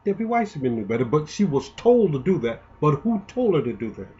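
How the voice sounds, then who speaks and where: A man's voice: fairly high pitch, sing-song, fairly quick, dark tone, muffled recording. A man giving an indignant, emotional, rambling political monologue, often restarting his sentences. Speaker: political commentator.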